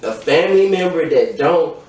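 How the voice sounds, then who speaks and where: A man's voice: fairly high pitch, animated, normal speed, a little mellow. A young adult man telling a personal story in casual, profanity-heavy podcast chat, acting out the dialogue as he goes. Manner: profane, emphatic, recounting events with quoted dialogue. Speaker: podcast host. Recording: very echoey room, distant mic, faint noise.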